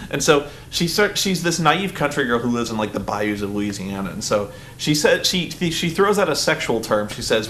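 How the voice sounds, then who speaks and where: A man talking through a movie review in a loose, rambling way. He strings thoughts together with constant "like"s and casual swearing, and a faint hiss sits under his mid-pitched voice. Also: big pitch swings, moderate pace, few pauses, a bit bright. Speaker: film reviewer.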